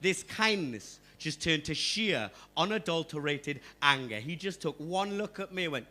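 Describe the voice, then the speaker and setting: A man's voice: on the high side, lively intonation, normal speed, few pauses, bright, forceful tone. A man from Newcastle doing a stand-up comedy set on a club stage, rowdy and swearing as he teases the crowd. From Newcastle upon Tyne, England.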